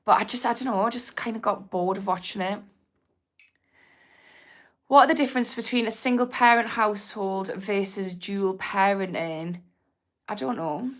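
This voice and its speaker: A woman's voice: mid-range voice, moderate pace, pauses often. A young woman with a Geordie accent chatting casually on a livestream, rambling and laughing, reading out viewer comments. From Newcastle, England. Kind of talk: casual live chat.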